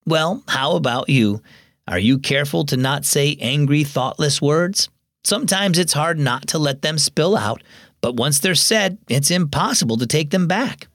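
Guy hosting a kids' faith show, reads a story, very expressive, dry close mic. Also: on the high side, moderate pace, no echo. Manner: warm teacherly storytelling. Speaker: host of a children's devotional radio show. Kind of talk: scripted narration.

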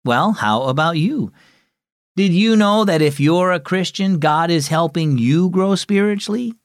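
A man hosting a children's devotional radio show, reading a story in a friendly, expressive storyteller manner. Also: high voice, unhurried, dry recording, studio quality. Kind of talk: scripted storybook narration for children.

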